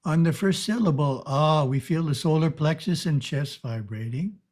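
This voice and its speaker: A man giving a calm, measured spiritual teaching talk over a video call. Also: fairly high pitch.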